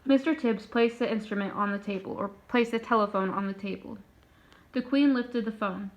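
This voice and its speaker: A woman reading a children's book aloud in a steady, plain narrating voice. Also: mid-range voice, normal speed. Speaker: storyteller. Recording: dull lo-fi recording.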